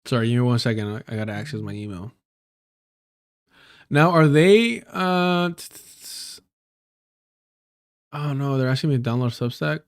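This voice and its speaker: A man hosting a live stream, chatting loosely and swearing often. His tone is joking and full of slang, at an ordinary pitch for a man. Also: lively intonation, moderate pace, pauses often, smooth. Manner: profane, joking, uses a lot of slang. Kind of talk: casual storytelling on a live stream.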